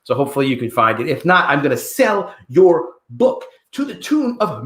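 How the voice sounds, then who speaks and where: A man's voice: fairly high pitch, big pitch swings, moderate pace, hardly any pauses, a bit bright, echoey room. A man hosting a casual livestream, greeting viewers in the chat by name and rambling from topic to topic. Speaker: livestream host.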